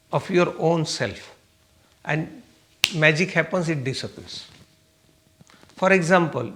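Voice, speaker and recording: A man with a somewhat high-pitched voice leads a meditation class in a spiritual talk. He puts questions to the listeners and answers them himself, repeating his points patiently. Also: fairly bright tone. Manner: repeats himself and checks "okay?". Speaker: meditation teacher.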